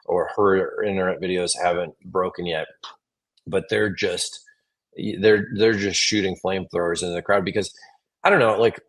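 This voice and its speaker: A comedian from Wisconsin with a Wisconsin accent, chatting in an interview and telling stories with lots of restarts and laughs. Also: male voice, low-pitched. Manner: animated storyteller, quick restarts and laughs. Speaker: comedian guest. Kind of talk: casual interview chat.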